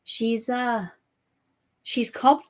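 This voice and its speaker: A woman's voice: fairly high pitch, level tone, very slow. Chatty middle-aged woman crafting. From United States. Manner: chatty, laughs often, rambling asides. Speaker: host, crafter. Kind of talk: casual chat while crafting.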